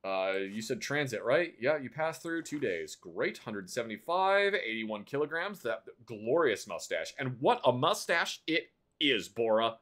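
Playful male streamer with lively pitch. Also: a little slow. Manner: playful, teasing mock-official banter. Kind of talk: live game commentary.

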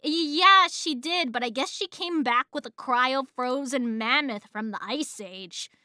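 A woman's voice: high voice, measured pace, sharp tone, no room sound, studio quality. A woman streamer reacting to a video with playful, crude jokes and frequent giggles. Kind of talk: casual reaction commentary.

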